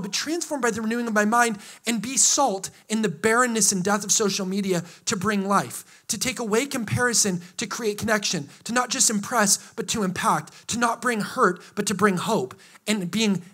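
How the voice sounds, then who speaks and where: A man preaching a sermon to a live congregation, energetic and joking with them, rising to excited shouts. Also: high-pitched, a little fast. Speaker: pastor. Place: church hall before a live congregation.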